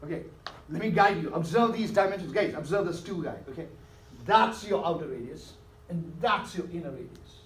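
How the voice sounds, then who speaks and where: A man's voice: fairly high pitch, lively intonation, moderate pace, fairly bright tone. A man teaching a math class, coaxing students along and checking often that they follow. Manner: coaxing, keeps checking understanding. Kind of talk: classroom lecture with questions to students. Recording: echoey classroom from far off, faint hiss.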